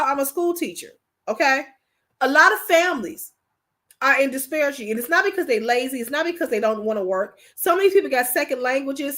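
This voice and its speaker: Hosting a relaxed livestream, a Michigan woman addresses her viewers with emphasis, saying the same things more than once. She sounds emotional and preachy, her high-pitched voice a bit bright.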